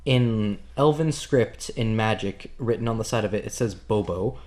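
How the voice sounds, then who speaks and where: A man's voice: fairly low pitch, normal speed, darkish tone. A man running a tabletop game as game master, narrating scenes in a joking, loose way.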